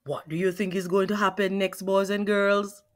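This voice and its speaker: A woman reading a picture book aloud to children, asking her young listeners questions as she goes. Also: mid-range voice. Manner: slow, expressive, asks questions of listeners. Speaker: children's read-aloud host.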